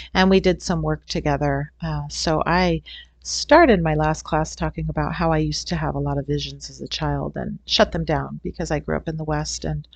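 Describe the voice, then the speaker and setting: Low, gravelly, and slightly mellow, this middle-aged woman's voice comes through with no echo but the highs cut off. A holistic healing teacher, she rambles earnestly through a personal story, frequently starting over, in casual storytelling fashion.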